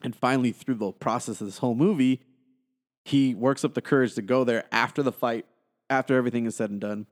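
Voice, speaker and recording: Male podcast co-host, casual and profane, acts out lines in a low voice, long reverb. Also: quick pace. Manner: swears freely, acts out characters' lines in a low voice. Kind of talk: casual movie review chat.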